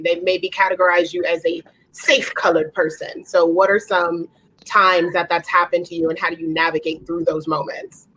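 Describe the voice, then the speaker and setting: Measured woman moderating a panel. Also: lowish voice, fairly bright tone, rough recording. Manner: measured, asks questions with fillers.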